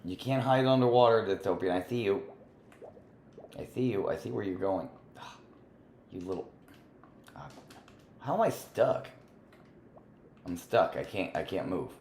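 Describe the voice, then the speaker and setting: Playful low-voiced man streaming a game. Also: expressive, a little slow, long pauses, darkish tone. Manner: playful, teasing banter with other players. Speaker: livestream host. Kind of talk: casual gaming livestream chat. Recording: roomy echo with faint background noise.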